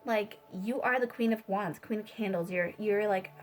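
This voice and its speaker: A woman's voice: medium pitch, moderate pace, soft background music. A woman giving a casual spiritual tarot reading, rambling with many fillers and swearing freely. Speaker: tarot reader.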